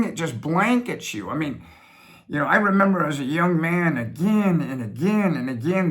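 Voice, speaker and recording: A middle-aged man speaks from his home office in a slightly high voice. He rambles and repeats himself, leans hard on his points, then drags certain phrases out slowly. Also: a bit bright. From United States. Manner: rambling, repetitive, emphatic with sudden slowdowns. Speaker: business funding host. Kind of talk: reflective monologue.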